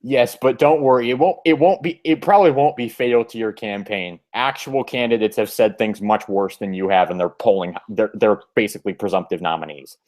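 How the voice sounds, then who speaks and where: A man's voice: lowish voice, fairly quick, few pauses, darkish tone. Rambling, hesitant male podcast host. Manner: rambling, self-deprecating, hesitant with many restarts. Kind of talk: casual podcast chat.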